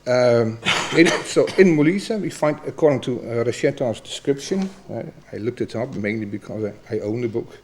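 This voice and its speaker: A man questioning a doctoral candidate as examiner, halting and hesitant with many fillers. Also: medium pitch, a little mellow. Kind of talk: formal academic questioning.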